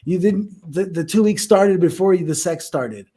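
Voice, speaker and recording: A man's voice: high-pitched, normal speed, slightly rough. A young man co-hosting a podcast, telling a personal story in casual chat and acting out the voices. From United States. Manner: animated, acts out voices in stories. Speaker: podcast co-host.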